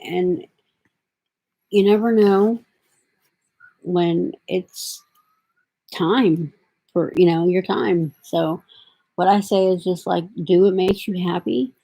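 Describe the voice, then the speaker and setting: Middle-aged woman rambling on her vlog, low husky voice, lots of fillers. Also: steady tone, takes it slowly, long pauses, mellow, rough recording. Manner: rambling, drifting, full of fillers. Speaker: vlogger. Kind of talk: casual vlog talk.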